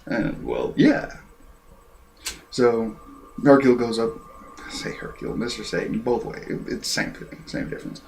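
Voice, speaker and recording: A man giving a casual, rambling review of an anime episode and clearing his throat often. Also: medium pitch, very animated, measured pace, pauses often, slight background noise.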